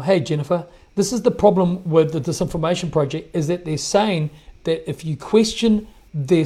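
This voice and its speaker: A man talks over clips on his podcast. His voice sits a little high and has a gravelly edge. He sounds indignant and hammers his points home by repeating them. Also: darkish tone. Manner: indignant, emphatic, repeats himself. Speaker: podcast host. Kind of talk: commentary on played clips.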